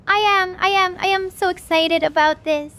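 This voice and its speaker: A woman streamer wrapping up a live stream, gushing with excitement and tripping over her own words. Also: extremely high pitch, normal speed. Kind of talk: livestream wrap-up chat.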